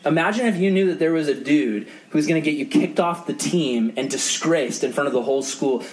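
Young male youth pastor, chatty storyteller, swinging pitch. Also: animated, fairly quick, darkish tone. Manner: casual, storytelling, lots of fillers. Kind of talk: youth sermon.

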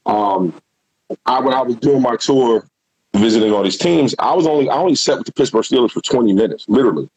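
A middle-aged man, a guest and former football player, telling a rambling, animated story in casual talk and swearing freely. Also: medium pitch, a little fast, husky, no echo, rough recording.

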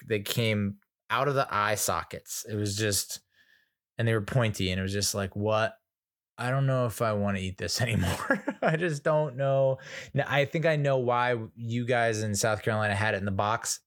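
An American man hosting a casual solo podcast, telling stories in a chatty, self-mocking way. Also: mid-range voice. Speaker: podcast host.

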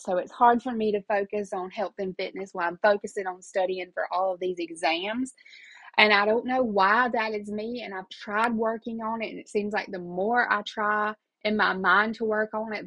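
A woman's voice: mid-range voice, a bit bright, no room sound, low-quality recording. A middle-aged woman, talking casually and emotionally as a podcast host, rambling from one thought to the next. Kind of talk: casual personal talk.

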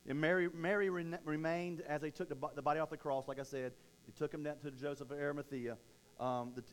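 A man delivering a sermon to an online audience, his voice sitting a little higher than most men's. He talks in an animated, unpolished way, stumbling over and repeating words, and jumps into a raised pitch whenever he acts out a quote. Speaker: preacher.

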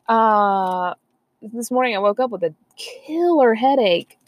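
A woman's voice: fairly high pitch, lively intonation, takes it slowly. A woman, chatting casually and rambling on a podcast, laughing often. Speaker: podcast co-host. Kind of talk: casual chat.

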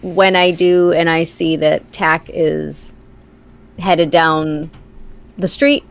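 A woman playing a tabletop game, easygoing and unhurried. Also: low voice, fairly even intonation, creaky, clean tone. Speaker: player.

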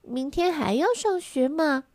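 A woman's voice: high voice, a little slow, darkish tone, dry recording, voice pushed up. A woman doing a sleepy little boy.

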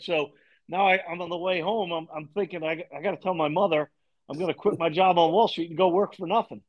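A middle-aged lacrosse coach from Long Island, New York, guests on a podcast and tells stories, acting out the dialogue with animated flair. His voice is a little high and quick, and the audio is lo-fi.

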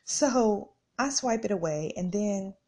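A woman's voice: medium pitch, lively intonation, takes it slowly, a little mellow, breathy edge. A middle-aged woman hosting a podcast, telling a casual story straight to her listeners and acting out her own reactions as she goes. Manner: chatty, addresses listeners directly, acts out her own reactions. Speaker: podcast host.

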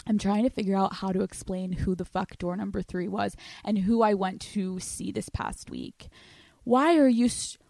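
A woman's voice: medium pitch, little pitch movement, slow pace, vocal fry, mellow, no room sound. A woman in her twenties hosting a solo podcast, brash and profane, laughing often and slipping into put-on voices. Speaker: podcast host.

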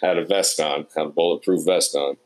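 A man's voice: extremely low pitch, fairly even intonation, a little fast, a little mellow, poor audio. A man, a production sound mixer, recounting his experiences in an interview and acting out the people he met in quoted dialogue. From New York. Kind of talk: interview storytelling.

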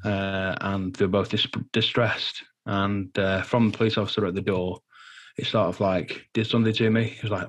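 A man giving a personal interview testimony in a halting, earnest way, full of fillers and restarts, sounding nervous. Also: lowish voice, level tone. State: nervous, anxious while speaking. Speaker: guest.

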